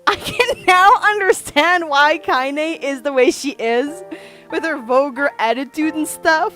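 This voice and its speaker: A woman with a high voice reads a game's story out loud on stream, breaking off to comment and laugh. Soft music sits faintly behind her. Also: lively intonation, a little slow. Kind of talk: reading game story text aloud with reactions.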